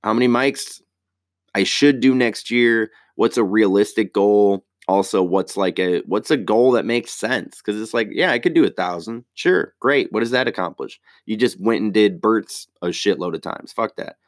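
A young man hosting his own podcast, ranting casually in a profane, rambling, animated way. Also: on the low side, normal speed, no room sound, studio quality. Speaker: podcast host, stand-up comic. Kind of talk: casual solo podcast rant.

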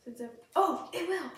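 A woman hosting a gaming podcast, chatting casually and excitably while she plays, giggling often and sounding sick. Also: very high voice. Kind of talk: casual gameplay chat. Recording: very echoey room, distant mic, faint hiss.

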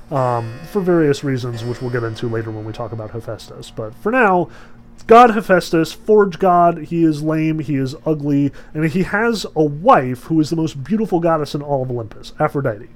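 A man giving a casual lecture to a class, rambling with many fillers. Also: on the high side.

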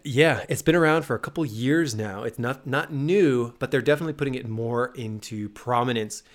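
A man's voice: medium pitch, normal speed. A man co-hosting a business podcast in casual, joking banter. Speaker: podcast co-host.

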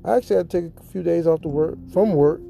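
A man's voice: a little high, fast talker, creaky. A man hosting a podcast, telling an emotional sports fan story in a dramatic, repetitive and heartfelt way. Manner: earnest, heartfelt. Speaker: podcast host.

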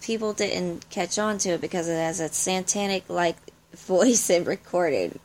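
A woman's voice: on the low side, moderate pace, darkish tone, a little hiss or hum. A woman co-hosting a casual chat show, giggly and blunt, swearing casually as she talks. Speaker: podcast co-host.

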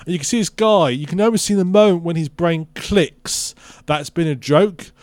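A man's voice: on the high side, normal speed, no echo. A man, co-hosting a podcast and acting out the lines of the people in his stories. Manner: animated storyteller acting out quotes. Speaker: podcast co-host. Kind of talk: casual chat.

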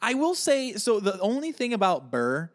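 A man's voice: high voice, huge pitch swings, normal speed. A young man co-hosting a podcast in casual chat, chatty and self-deprecating, with casual swearing. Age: young adult. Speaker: podcast co-host.

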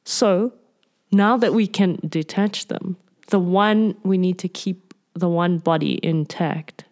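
A woman playing in a tabletop game, speaking in a brisk, practical way. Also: lowish voice, steady tone, darkish tone. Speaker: player. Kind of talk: casual tabletop play.

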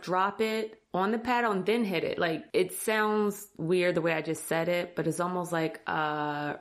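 A woman hosting a casual talk, telling a funny story to her listeners and acting out her own panicked thoughts in a jumping, higher voice. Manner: animated, self-mocking, acts out her own thoughts in a higher voice; talks directly to listeners as "y'all". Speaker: podcast host.

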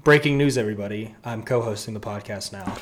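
A man's voice: fairly low pitch, fast, slight background noise. A man in his twenties co-hosting a casual podcast, loose and self-mocking, with plenty of ums and likes. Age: 20s. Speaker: podcast co-host. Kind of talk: casual chat.

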